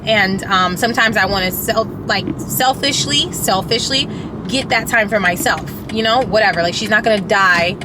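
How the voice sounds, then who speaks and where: A woman's voice: mid-range voice, background noise. A woman vlogger telling a storytime in casual chat, rambling with many fillers and restarts, candid and emotional, now and then profane.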